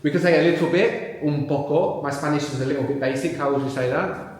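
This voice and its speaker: A fairly high-pitched man speaks fast over a loud crowd while teaching a language workshop. Patiently quizzing the live audience, he repeats their words back, and the room sounds very echoey.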